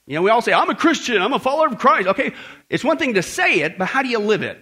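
A man's voice: very high voice, big pitch swings, quick pace, sharp tone, slightly rough. A man preaching a sermon as pastor, asking the congregation rhetorical questions and telling a story.

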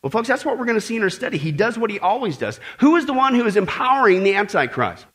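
Talking fast in a high voice, a preacher addresses his congregation with animated emphasis. Jokes slip in as asides, and he issues the same warnings again and again.

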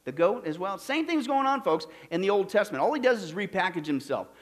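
Male pastor, high voice, brisk Bible study delivery that keeps quizzing the room. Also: very animated. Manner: rapid scripture citations with rhetorical questions to the audience.

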